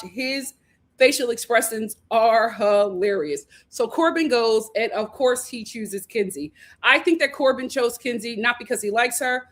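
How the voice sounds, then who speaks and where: A woman's voice: fairly high pitch, a little slow. A woman hosting a casual live recap of a reality show, talking animatedly and acting out the cast's lines. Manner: animated, acts out quotes, laughs often. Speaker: host reviewing a reality show.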